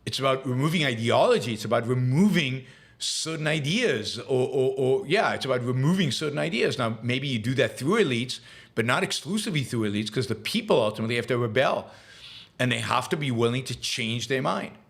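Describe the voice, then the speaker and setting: A man's voice: medium pitch, lively intonation, brisk, fairly bright tone. A man hosting a live show, answering viewer questions with opinionated commentary, full of fillers and repeated words. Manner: emphatic, rising into heated ranting; hesitant fillers and repeated words when reflecting.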